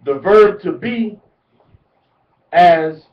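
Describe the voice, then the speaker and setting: A man giving a deliberate religious lecture, repeating words to drive each point home. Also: high voice. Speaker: religious teacher. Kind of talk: instructional lecture. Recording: echoey, distant, muffled lo-fi.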